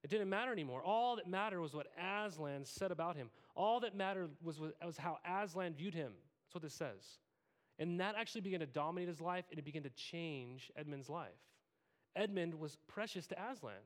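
A man's voice: fairly high pitch, a little fast. A man in his thirties preaching a sermon as pastor, conversational and self-deprecating, acting out quoted lines.

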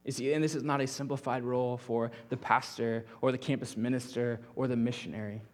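A young adult man preaching a sermon as pastor, earnest, often dropping his voice softly at the ends of phrases. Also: mid-range voice, steady tone, fairly quick. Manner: earnest, drops to a soft near-whisper at phrase ends.

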